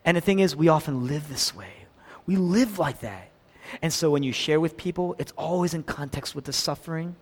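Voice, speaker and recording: A man preaching a sermon, acting out quoted voices with big swings between loud and soft. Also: normal speed. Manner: dynamic preaching, acts out quotes with big swings in pitch and volume. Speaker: pastor. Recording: long reverb of a large hall.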